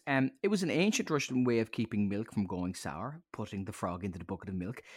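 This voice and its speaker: A man hosting a podcast in jokey, easy banter, his voice swinging up and down with animated intonation. His pitch sits in the middle range. The recording is dry and close. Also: dry recording. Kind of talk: casual podcast chat.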